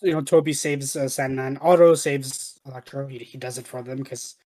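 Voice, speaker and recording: Relaxed speaker in casual film chat. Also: mid-range voice, normal speed. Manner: relaxed, stammers at the start of phrases. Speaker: film discussion co-host.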